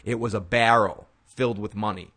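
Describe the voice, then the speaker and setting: A man hosting a casual show, recapping an episode in an excitable way. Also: lowish voice, normal speed. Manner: excitable, retells scenes by acting out the lines. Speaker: podcast host.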